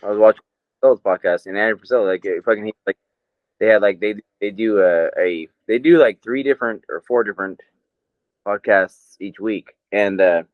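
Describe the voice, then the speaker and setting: A man's voice: lowish voice, brisk, no room sound. American male podcast co-host, rambly and profane, dry dull recording. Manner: profane, rambling, laughs often. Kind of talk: casual chat.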